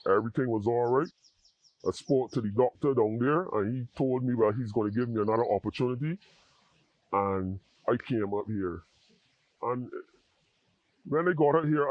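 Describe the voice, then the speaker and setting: A man from Barbados, a guest interviewed about his addiction recovery, shares a personal testimony in an earnest, halting way, often restarting and repeating words. His voice is ordinary mid-range for a man, and it sounds dry and close on a dry recording.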